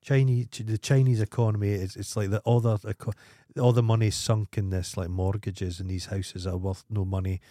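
A Scottish man with a lowish voice tells rambling, profane stories in a casual podcast chat. The sound is dry and close, with no room around it. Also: level tone, normal speed, few pauses, mellow, dry recording. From Scotland. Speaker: podcast co-host.

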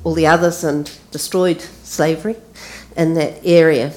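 A woman preaching a sermon in a relaxed, conversational way, retelling a story. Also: low-pitched, moderate pace, slight background noise.

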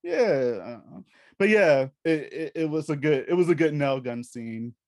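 A gushing young man with a fairly high voice, recorded dry and close with no room sound. He co-hosts a casual chat and swears freely as he gets excited. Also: unhurried, dry recording. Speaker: podcast co-host.

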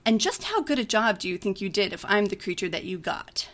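A woman's voice: medium pitch, lively intonation, fairly quick, fairly bright tone, close to an everyday voice. A woman reading the part of an imperious female demon who mocks and gives cool, haughty commands. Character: imperious, self-possessed female demon, adult, mocking.

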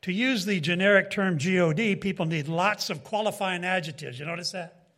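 In a fairly quick, bright voice that sits high, a man preaches a Bible teaching as a sermon. He's emphatic, his delivery climbing and dropping, and he adds asides to the people listening.

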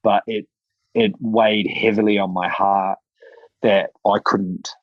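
A man, a guest in an interview, telling a personal story in a halting, emotional way with many restarts. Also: on the low side, level tone, no echo, muffled recording.

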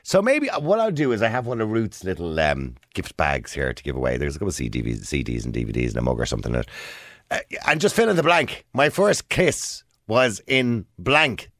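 A man's voice: low voice, fairly quick, dry recording, clean studio sound. A man in his forties with an Irish accent, hosting a radio phone-in in casual, joking chat and laughing often. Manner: jokey, laughs often, lively. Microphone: studio microphone.

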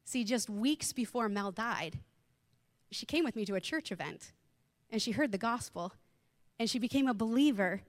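Expressive woman preaching in a reverberant hall. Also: on the high side, moderate pace. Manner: expressive, acts out quoted voices. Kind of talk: sermon with personal storytelling.

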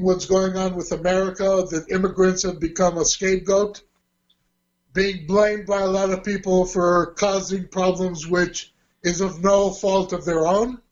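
A man casually telling a long personal story, acting out the quoted dialogue as he goes. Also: high voice. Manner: animated, acts out quoted dialogue. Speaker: guest telling a life story. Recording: dull lo-fi audio.

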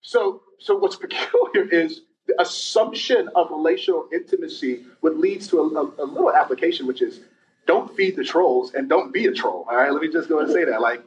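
Animated high-voiced young male preacher. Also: moderate pace, far from the mic, lo-fi sound. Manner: animated, conversational preaching with slang and acted asides. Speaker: pastor. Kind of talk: sermon.

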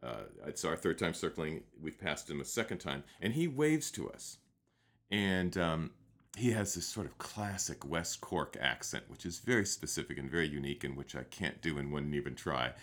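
A man with a very low voice recounts a story in an easy, unhurried way. He speaks conversationally, pausing on fillers and restarting phrases as he goes. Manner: relaxed, anecdotal, with um fillers and restarts. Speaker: guest teacher.

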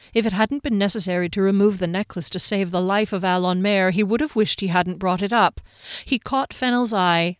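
A woman narrating a fantasy novel aloud in a calm, even storytelling manner. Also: clear, resonant tone, no echo, studio quality. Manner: calm, even storytelling that shifts pitch for quoted characters.

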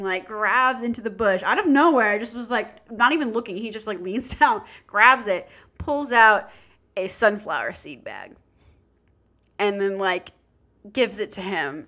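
A woman's voice: medium pitch, a bit bright. A young adult woman, a podcast co-host, telling a long casual story, acting out quoted voices with lots of "like".

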